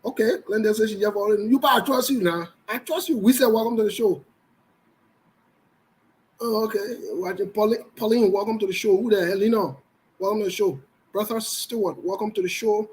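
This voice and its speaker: A man with a Liberian English accent runs a casual live show. He talks in a high register, greets viewers one by one and jokes loosely between topics. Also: a little fast, a little mellow, rough recording. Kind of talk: casual livestream chat.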